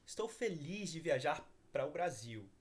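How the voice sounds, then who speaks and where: A man's voice: on the high side, sing-song, a little fast. A man reading a textbook dialog, voicing Antonio, an Italian man traveling, in his own voice. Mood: friendly.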